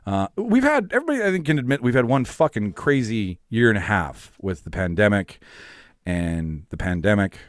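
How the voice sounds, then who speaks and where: A man's voice: on the low side, sing-song, normal speed, no echo, clean studio sound. A man hosting a casual podcast chat, loose and profane, laughing often. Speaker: podcast host.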